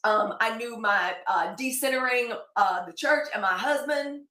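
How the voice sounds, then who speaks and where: A woman's voice: a little high, unhurried, sharp tone. Chatty woman host in an echoey room. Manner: chatty, digressive, thanks viewers by name. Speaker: host of a daily live news show. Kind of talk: casual livestream chat.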